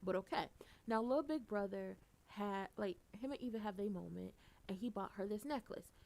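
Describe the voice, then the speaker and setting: A woman giving a casual, animated recap, blunt and profane, and she gets loud for emphasis. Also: mid-range voice, normal speed, gravelly. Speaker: soap opera recapper.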